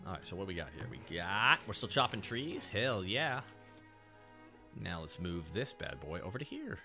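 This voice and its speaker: A man's voice: low voice, big pitch swings, moderate pace, pushed and bright, faint music behind. A man chatting casually and joking with profanity while he streams a game. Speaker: VTuber streamer.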